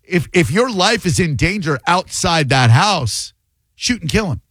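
A man's voice: high voice, dry recording, low-quality recording. A man hosting a call-in radio talk show, taking callers and arguing his points emphatically. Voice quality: animated, emphatic, quick banter.

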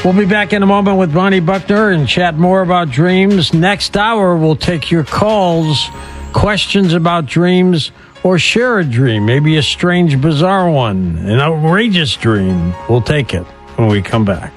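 A man hosts a late-night radio talk show with a slightly higher pitch than most men. He asks curious questions in a smooth broadcast delivery. Faint music plays underneath. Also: measured pace. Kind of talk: radio interview hosting.

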